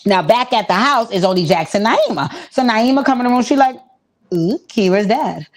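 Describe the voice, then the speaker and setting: A woman hosting a casual TV episode recap, telling it with lots of swearing and animated storytelling, and she speaks directly to her chat. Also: a little high, fast talker. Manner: profane, animated storytelling, acts out quotes. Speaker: host.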